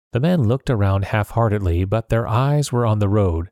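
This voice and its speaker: A man narrating a storybook chapter in a steady, plain first-person reading. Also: lowish voice, normal speed, hardly any pauses, no echo, studio quality. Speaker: audiobook narrator.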